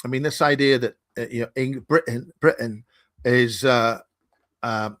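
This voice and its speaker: A man's voice: mid-range voice, steady tone, unhurried, a bit bright, no echo. A man with a Belfast accent, a conference founder chatting as a guest over a video call, rambling and joking. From Northern Ireland. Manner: rambling, joking, self-interrupting. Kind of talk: casual chat. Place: home in Wiltshire.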